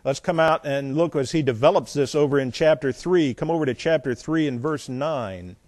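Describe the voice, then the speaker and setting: A man delivers a sermon, reading scripture aloud and breaking off into folksy asides. His voice sits a little high for a man, and he swings between loud emphasis and quiet remarks. The recording is dry and close, with no room echo. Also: moderate pace. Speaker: preacher. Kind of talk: sermon, Bible exposition.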